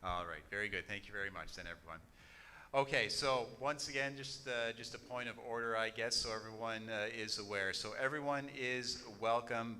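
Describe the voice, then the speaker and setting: A man chairing a church business meeting, speaking haltingly with many fillers and restarts. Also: on the low side, bright, forceful tone, a little hiss or hum.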